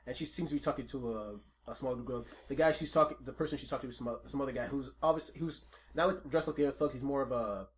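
A man's voice: medium pitch, very fast, slight background noise. Rambling male game master. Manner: rambling, restarts, laughs a lot. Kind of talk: narrating a tabletop game.

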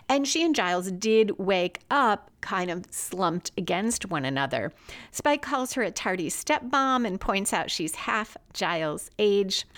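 A woman hosting a podcast, retelling a TV episode scene by scene and analyzing how its story works in a chatty, analytical way. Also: mid-range voice. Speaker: podcast host.

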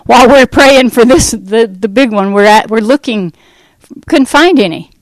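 Higher-voiced woman giving an animated testimony. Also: moderate pace, no echo, low-quality recording. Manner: animated storytelling that acts out quoted speech; rambling, with fillers and restarts. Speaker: Christian ministry speaker. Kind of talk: personal faith testimony to a church audience.

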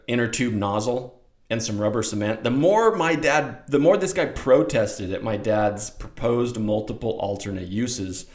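A middle-aged man telling a rambling, animated childhood story in a casual way, acting out voices. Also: fairly low pitch. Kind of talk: casual anecdote. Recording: roomy echo.

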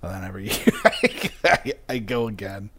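Husky man in casual chat. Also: fairly low pitch, very animated, moderate pace, fairly bright tone.

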